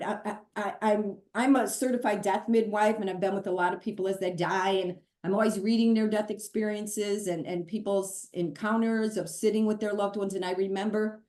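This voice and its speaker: Earnest middle-aged woman, roomy echo. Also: medium pitch. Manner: earnest, animated storyteller. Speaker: pastor and guest. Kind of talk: candid podcast conversation.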